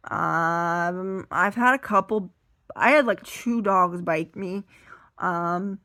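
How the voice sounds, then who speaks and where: A woman telling a rambling, self-deprecating stand-up story while seated, now and then bursting into loud high acted voices, her voice a little strained. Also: slow, dry recording. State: strained voice from being too loud. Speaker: stand-up comedian.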